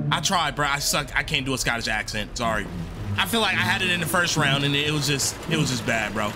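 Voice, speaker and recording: A young man doing casual let's-play commentary, slangy, jokey and excitable. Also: on the high side, fast, music in the background. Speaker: gaming streamer.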